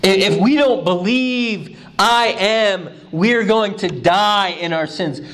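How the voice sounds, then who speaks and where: Animated high-voiced male preacher. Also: takes it slowly. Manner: animated preaching, pitch swings from low and quiet to high and emphatic; repeats words when starting phrases. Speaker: pastor. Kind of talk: sermon.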